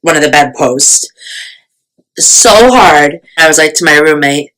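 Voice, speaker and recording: A woman's voice: deep voice, measured pace, a bit bright, rough recording. A young woman vlogger telling a storytime in casual, chatty talk, full of fillers and self-mocking asides.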